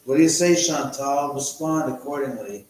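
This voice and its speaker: A man's voice: medium pitch, moderate pace, darkish tone, slight background noise. Rambling man on a live stream. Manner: rambling, profane, chatty. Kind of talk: casual live chat. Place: room in his house. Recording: echoey room, distant mic.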